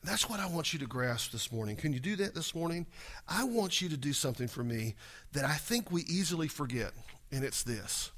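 A man preaching a sermon, asking rhetorical questions and swinging between hushed lows and loud emphatic peaks. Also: lively intonation, a little fast. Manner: frequent restarts and stumbles while explaining. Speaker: pastor.

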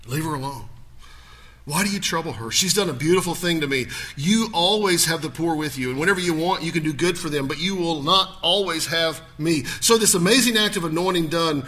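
A male pastor preaching a sermon in a church, swinging from loud to hushed. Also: a little high, brisk, few pauses.

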